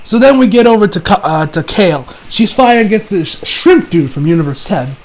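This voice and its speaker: A high-pitched man in a casual, rambling recap, full of restarts and laughs. He jumps into quick voices for the characters he quotes. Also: lively intonation, low-quality recording. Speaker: anime reviewer.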